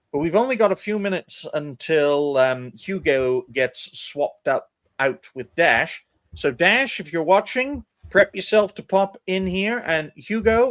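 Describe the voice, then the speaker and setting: A man's voice: fairly high pitch, a bit bright. A man hosting a casual streamed panel podcast, talking animatedly and calling the listeners folks. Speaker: podcast host.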